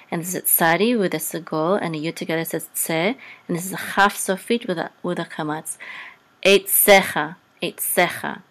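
A woman teaching a Hebrew reading lesson, sounding out syllables slowly, often pausing, correcting herself, and singing the cantillation marks higher. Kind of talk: casual Torah reading lesson.

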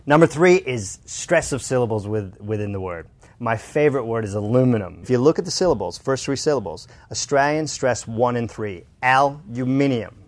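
A man explains how speech works as a coach, sitting for an interview. His voice is mid-pitched and steady, and he drags out sample words to show the sound. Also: fairly quick. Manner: demonstrative, stretches example words. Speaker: accent coach.

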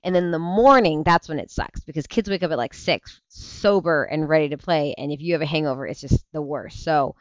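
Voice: mid-range voice, fairly quick, hardly any pauses, no room sound. A worn-out parent chats loosely with a livestream audience, drifting from topic to topic and cutting off their own sentences. The sound is dry and a little dull, like lo-fi stream audio. Laughs come easily between the restarts. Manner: rambling, chatty, self-interrupting, laughs easily. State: tired, yawning. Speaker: livestream show host; parent of young kids. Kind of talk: casual livestream chat answering viewer comments.

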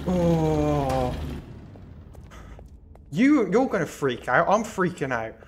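A panicky streamer man narrates his horror game with a lively, swooping voice, talking slowly between yelps. Game music plays loudly behind him. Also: fairly high pitch. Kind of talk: live gameplay commentary.

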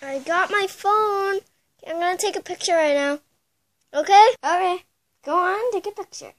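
A woman's voice: extremely high pitch, normal speed, pitched above the performer's own voice. Woman doing an eager little pet friend. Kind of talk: toy play-acting.

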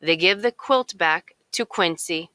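A woman reading a children's picture book aloud in a slow, expressive storytelling way. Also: lowish voice, clear, resonant tone, no echo. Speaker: narrator.

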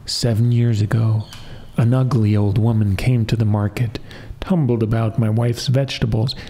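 A man voicing a lonely, weary old cobbler who talks slowly. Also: lowish voice, mellow.

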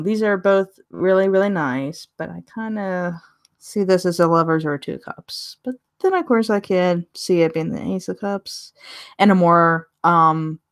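On a live stream, a woman casually reviews a tarot deck, chatting, laughing often and gushing over the cards. Her voice is on the low side.

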